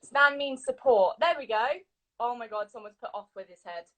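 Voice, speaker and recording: A woman talks casually on a phone livestream. Her voice sits high and she keeps up a chatty flow, reading out viewers' comments as she goes. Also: moderate pace, sharp tone, rough recording. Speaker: host of a livestream. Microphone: phone on a video livestream.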